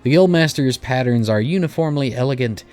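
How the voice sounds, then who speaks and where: A man's voice: mid-range voice, lively intonation, fairly quick, a little mellow, lightly acted. A man voicing a formal, long-winded male guild receptionist, reading game dialogue aloud in a stately tone over faint game music.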